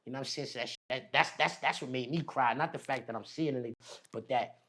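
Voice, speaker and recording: A man spins a long personal story in loose street slang. He gets animated as he retells it, and his voice sits at an ordinary middle pitch. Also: fast. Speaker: podcast guest. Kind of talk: casual storytelling.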